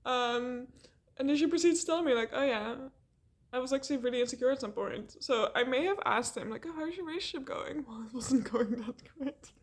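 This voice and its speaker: A young woman telling a rambling, animated story in a casual vlog, laughing often and swearing. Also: on the high side, brisk.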